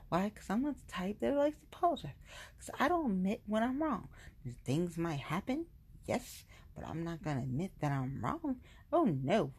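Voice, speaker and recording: A woman's voice: fairly low pitch, darkish tone, husky. A woman in a casual venting monologue, blunt and profane, repeating lines for emphasis.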